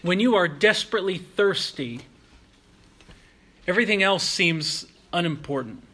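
Earnest preacher with a bright, high voice. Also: male voice, lively intonation. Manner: earnest, measured preaching with slow emphatic pauses. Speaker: pastor. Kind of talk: sermon.

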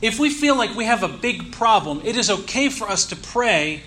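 High bright-voiced preacher, man. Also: very animated, a little hiss or hum. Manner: earnest teaching tone with slow emphatic stresses. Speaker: pastor. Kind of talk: sermon.

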